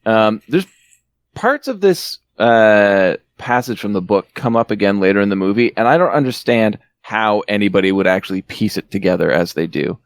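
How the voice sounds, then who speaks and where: Low-voiced man recapping a film, dry sound. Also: animated, normal speed, no echo. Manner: joking plot recap with asides. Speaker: podcast host recapping a film. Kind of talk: casual chat.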